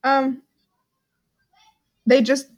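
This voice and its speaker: A woman's voice: high voice, flat delivery, extremely slow, no room sound, clean studio sound. A woman co-hosting a podcast, chatting casually and playfully, often joking and then saying she is kidding. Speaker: podcast co-host. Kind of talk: casual chat, slang guessing game.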